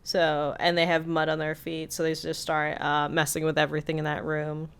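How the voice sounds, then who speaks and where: A woman with a smooth, clear voice that sits slightly low recaps a cartoon episode scene by scene. It's a relaxed podcast chat, full of quick laughs. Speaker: podcast co-host.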